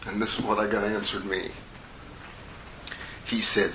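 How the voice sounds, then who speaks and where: Middle-aged male preacher, folksy, acts out the story, bright tone, roomy echo. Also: lowish voice, little pitch movement, unhurried, pauses often, slight background noise. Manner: folksy, conversational, acts out the parable's characters. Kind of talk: sermon. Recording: echoey room with faint ambience.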